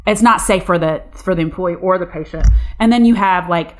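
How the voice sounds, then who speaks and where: Middle-aged woman, nurse, frustrated and passionate, talks in restarts, a touch low in pitch. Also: a little fast. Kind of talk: casual chat.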